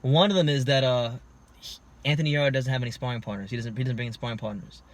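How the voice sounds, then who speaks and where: A man's voice: mid-range voice, quick pace. Male boxing show host, casual chat, punchy emphatic delivery. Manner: emphatic, builds up to loud points.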